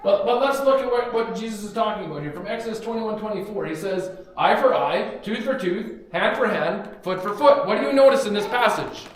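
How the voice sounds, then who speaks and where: A man's voice: sits high, animated, brisk, hardly any pauses. A young man preaching a sermon in a church, telling a story animatedly and acting out the quotes. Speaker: pastor. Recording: very echoey church hall.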